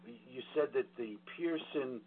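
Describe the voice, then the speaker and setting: A man's voice: medium pitch, slow pace, husky. A blunt man with a New York accent gives straight-talking advice as an auditor on a call-in broadcast. He talks plainly, trips over fillers and restarts, and doesn't sugarcoat anything. His voice comes through thin and tinny, like radio over a phone line. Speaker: book royalty auditor.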